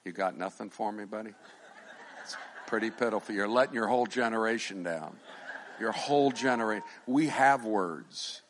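A middle-aged male pastor preaching a sermon, animated, swinging from shouted lines to quiet asides and joking with the congregation. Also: on the low side, normal speed, slight background noise. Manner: jokes with the congregation.

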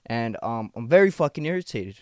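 A man's voice: medium pitch, big pitch swings, a little fast, smooth, no room sound, clean studio sound. A young man hosting a casual solo podcast late at night after work, tired, irritated and rambling with lots of swearing and restarts. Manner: rambling, profane, restless and agitated. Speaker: podcast host.

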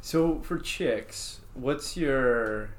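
A man cohosts a relaxed podcast chat, building jokes playfully off the others. His pitch is middle of the road and plain. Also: drawn-out words. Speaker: podcast host. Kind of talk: casual chat.

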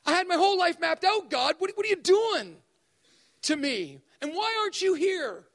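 A man preaching a sermon at a spiritual event, animated and acting out voices to make his points. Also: very high voice, normal speed, long reverb tail. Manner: animated, acts out voices for effect. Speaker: speaker at spiritual emphasis days.

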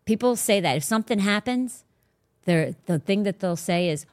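A woman's voice: mid-range voice, lively intonation, normal speed, no room sound, studio quality. A woman hosting a faith podcast, talking casually but bluntly and emphatically. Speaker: podcast host.

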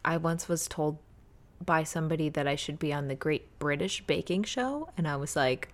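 A woman's voice: deep voice, normal speed. Chatty woman baker, lots of "like". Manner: storytelling, filler-heavy "like". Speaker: professional baker, podcast co-host. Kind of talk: casual chat.

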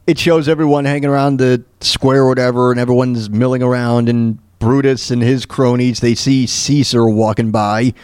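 A man's voice: mid-range voice, flat delivery, normal speed, hardly any pauses, darkish tone, clear, resonant tone, dry recording, studio quality. A man hosting a podcast, riffing in a rambling, joking way that is full of repeated words and restarts. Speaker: podcast host. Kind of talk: casual comedic commentary.

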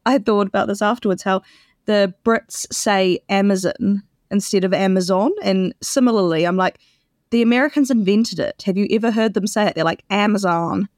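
A woman co-hosting a podcast in casual chat, laughing often and turning animated when amused. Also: mid-range voice, no room sound, studio quality. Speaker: podcast co-host.

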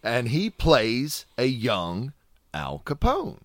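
Man, casual podcast chat, rambling, laughs often, lively pitch, dry sound. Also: slow, no room sound.

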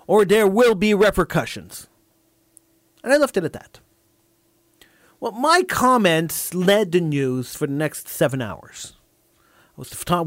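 Male radio talk host; fiery, repetitive monologue; high, very lively pitch. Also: no echo. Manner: emphatic, repeats lines for effect.

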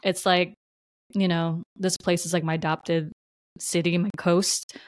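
A woman from New Jersey hosts her own podcast, reflecting casually in loose, filler-heavy rambles, chatty and warm-hearted with frequent laughter. Her fairly low voice is flat and a little slow, recorded at studio quality with no room sound.

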